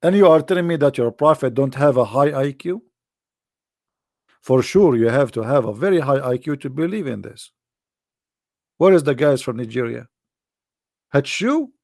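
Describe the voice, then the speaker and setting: A man delivering a mocking, sarcastic monologue in non-native English, drawling out quoted passages slowly and deliberately. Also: mid-range voice, animated, vocal fry, darkish tone, dry recording, clean studio sound. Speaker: religion critic commentator.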